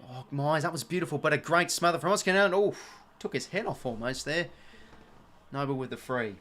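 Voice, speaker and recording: Young Australian man, slightly high voice, live watch-along caller, excitable and sweary. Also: fairly quick. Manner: excitable, shouts at big moments, swears; chatty asides and thanks to viewers. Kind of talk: live fan commentary.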